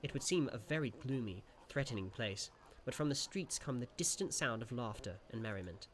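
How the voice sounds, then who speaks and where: A man streaming a gamebook playthrough, reading the passages aloud and musing between them in an animated way. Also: medium pitch, brisk, a little hiss or hum.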